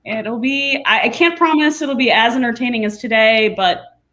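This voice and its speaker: A woman's voice: a little high, normal speed, fairly bright tone. A woman hosting a casual chat, wrapping up and announcing next week's guests. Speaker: host.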